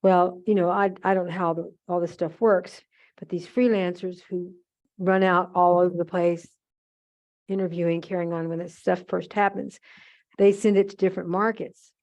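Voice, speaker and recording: An older American woman demonstrates a craft at a museum holiday event, telling chatty stories and acting out the other voices. Her voice is on the low side and darkish, flat at a moderate pace, and the sound is lo-fi.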